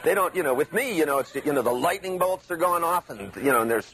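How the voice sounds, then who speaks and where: Animated male seminar lecturer. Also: on the high side, fast, husky, poor audio. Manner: animated, acts out inner voices.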